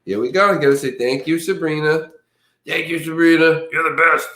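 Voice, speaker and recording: A man's voice: on the high side, fairly quick, sharp tone. A man hosting a casual livestream who chats loosely with his audience, reads crime news aloud and stumbles over hard words. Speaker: livestream host. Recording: echoey room.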